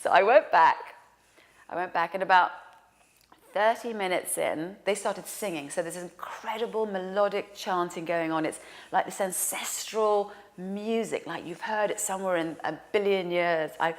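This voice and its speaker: A woman telling a personal story in an animated way, dropping to a hushed whisper for quoted lines. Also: on the low side, moderate pace. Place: lives in New York.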